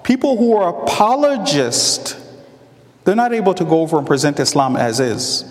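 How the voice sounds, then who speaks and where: Animated male preacher in a reverberant hall. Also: fairly high pitch, moderate pace. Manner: animated storytelling with quoted voices. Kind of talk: sermon storytelling.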